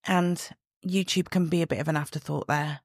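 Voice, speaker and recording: Gravelly-voiced woman podcasting. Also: deep voice, fairly even intonation, moderate pace, dry recording, studio quality. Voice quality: chatty, direct, laughs at herself. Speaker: podcast host and body image coach. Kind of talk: casual solo podcast talk. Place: sitting at home, room lights only. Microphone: own podcast mic.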